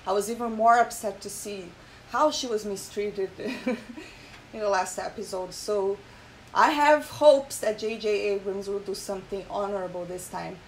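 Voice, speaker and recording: A woman hosting her own channel, chatting emotionally in casual commentary with many fillers, pausing to read an article aloud. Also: medium pitch, slight background noise, poor audio. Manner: emotional, frequent fillers and repeated "okay?". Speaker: channel host.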